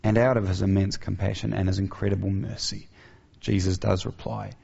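Man, preacher, earnest sermon, rhetorical questions, vocal fry, muffled lo-fi sound. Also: low-pitched, flat delivery, a little fast, mellow. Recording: dull lo-fi recording.

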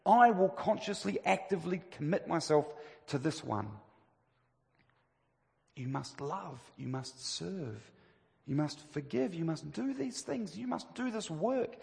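A man preaches an emphatic sermon full of rhetorical questions, his voice rising to stress key phrases. His pitch is slightly high with lively intonation, and he sounds unhurried, creaky, and a little mellow, recorded with the long reverb of a church hall.

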